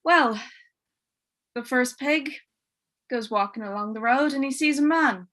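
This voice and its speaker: A woman telling a twisted fairy tale aloud in a playful, expressive way with dry wit. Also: sits high, measured pace. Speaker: storyteller. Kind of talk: oral storytelling.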